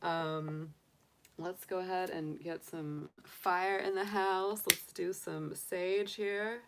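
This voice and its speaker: Woman doing a chill tarot livestream, kinda low voice, super friendly and chatty, says hi to everyone by name. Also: fairly even intonation, slow, fairly bright tone, clear, resonant tone. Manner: chatty, greets viewers by name; cheerful and enthusiastic. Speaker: tarot reader and livestream host. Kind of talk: casual livestream chat.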